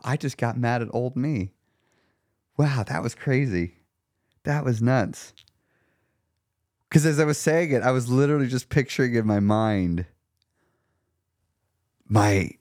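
A man's voice: lowish voice, no room sound, clean studio sound. A middle-aged man hosting a solo weight loss podcast, talking casually and getting worked up into rants. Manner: excitable, gets worked up and rants.

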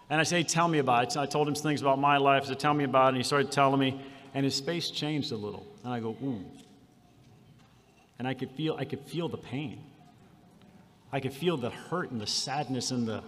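A man preaching a sermon, moving from quiet storytelling to shouted declarations. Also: medium pitch, big-room sound, slight background noise. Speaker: pastor. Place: conference hall.

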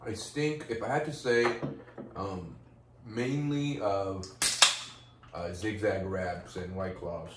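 A man's voice: low voice, slow, pauses often. A man co-hosting a casual podcast, teasing his friend and swearing casually. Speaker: podcast co-host. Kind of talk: casual chat. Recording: roomy, distant mic with faint noise.

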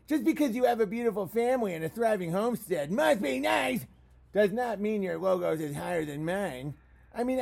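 A man's voice: high-pitched, creaky, darkish tone, full character voice. A man voicing a whiny, smug young man who writes from his mom's basement, reading in a mocking sneer.

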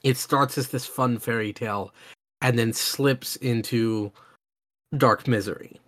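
A man's voice: mid-range voice, steady tone, measured pace, a bit bright. Enthusiastic man, rambling chat. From Oklahoma, USA. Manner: enthusiastic, rambling, many fillers and restarts. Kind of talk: casual chat.

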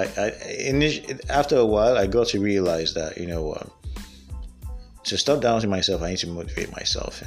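A man from Africa hosting a solo motivational podcast. He talks candidly and rambles, and he often laughs at himself. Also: low-pitched. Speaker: podcast host.

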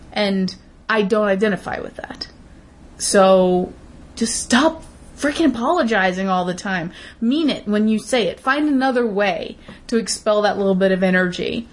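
A woman co-hosting a podcast, ranting bluntly and emphatically in casual chat, with frequent swearing. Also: fairly high pitch. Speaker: podcast co-host.

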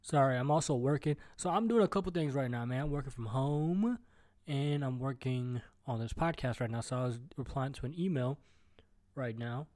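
A man's voice: mid-range voice, normal speed, darkish tone. A man hosting a solo podcast from home, ranting and rambling with lots of swearing, stuttering and restarting as he jumps between topics. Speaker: podcast host.

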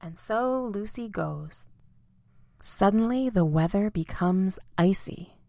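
A woman narrating a children's bedtime story in a clear, expressive way. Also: mid-range voice, slow, no room sound.

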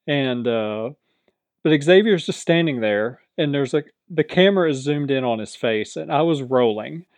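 A man's voice: mid-range voice, normal speed, no room sound. Chatty man recapping with a laugh. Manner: animated storytelling, chuckling often. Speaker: reality TV recap host. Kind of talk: casual recap commentary.

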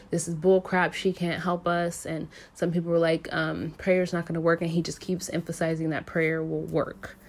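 A woman casually retelling a movie's plot in a rambling way, full of "like" and "um", and swearing now and then. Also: lowish voice. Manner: rambling, filler-heavy, lots of "like" and "um"; casually profane. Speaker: movie recap reviewer.

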